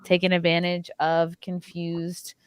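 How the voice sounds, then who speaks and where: A woman hosting a casual podcast panel chat, blunt and sarcastic, with quick jokes. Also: fairly low pitch, completely flat delivery, smooth, no echo, studio quality. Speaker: podcast host.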